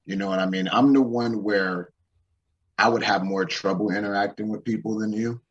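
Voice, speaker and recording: A man's voice: on the low side, steady tone, moderate pace, far from the mic. A man on a casual talk show, ranting in a profane, fired-up motivational way. He sounds a little set back from the microphone, and the recording is dull and muffled. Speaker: podcast host. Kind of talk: casual chat.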